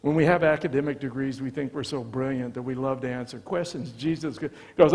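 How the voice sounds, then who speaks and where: An American man, a visiting pastor, preaching a sermon with animated storytelling, acting out the dialogue of the people in his stories. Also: mid-range voice, fast talker, few pauses. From United States. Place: church sanctuary. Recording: long church reverb.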